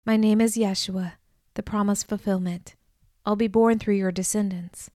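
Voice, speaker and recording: A woman voicing a calm, loving male divine figure who speaks softly, with gentle authority. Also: moderate pace, dry recording, clean studio sound, lightly acted. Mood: gentle, authoritative. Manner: soft, low and hushed.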